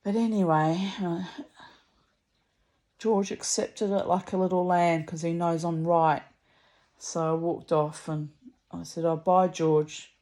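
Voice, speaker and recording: Woman with a deep voice just rambling thru a story, blunt, swears a bit, keeps restarting sentences. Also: flat delivery, slow pace, pauses often, warm tone. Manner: chatty, rambling, with frequent asides and restarts; blunt and salty-tongued. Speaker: vlogger telling a story. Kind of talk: casual storytelling monologue.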